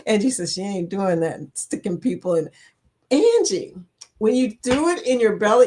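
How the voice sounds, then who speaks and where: A woman's voice: mid-range voice, huge pitch swings, unhurried, dark tone, husky. A woman in her fifties hosting a casual live chat, reading viewer comments aloud, laughing often and playful. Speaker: livestream host.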